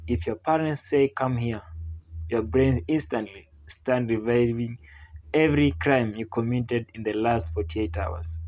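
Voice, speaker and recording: A man's voice: mid-range voice, a little mellow, rough recording. Man narrating comic parenting stories. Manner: storytelling, mimics Caribbean mothers. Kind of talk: scripted comedic narration.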